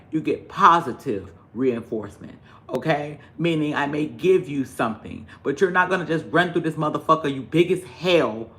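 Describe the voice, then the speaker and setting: A man's voice: a little high, a bit bright. A man, ranting profanely and animatedly to his livestream viewers. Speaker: live streamer.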